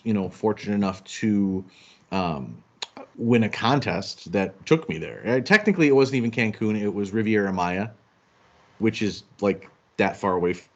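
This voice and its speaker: A man co-hosting a casual chat show, telling travel stories in an animated, self-deprecating way. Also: on the low side, highs cut off. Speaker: podcast co-host.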